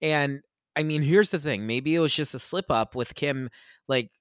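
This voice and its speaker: A man's voice: a little high, normal speed, no room sound, clean studio sound. A man joins a podcast as a guest and chats casually about a film, often restarting his sentences. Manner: hesitant restarts, chatty.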